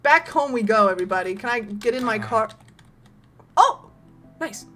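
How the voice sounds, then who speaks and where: A young woman streaming a horror game, excitable, laughing often and swearing casually. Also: a little high, normal speed. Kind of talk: casual gameplay commentary.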